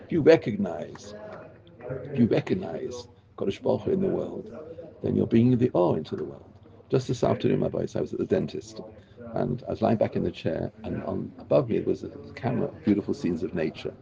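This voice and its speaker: A man teaching a religious class, talking in an animated, emphatic way and often repeating himself. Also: sits low, brisk, creaky, lo-fi sound, crowd noise. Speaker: Torah teacher.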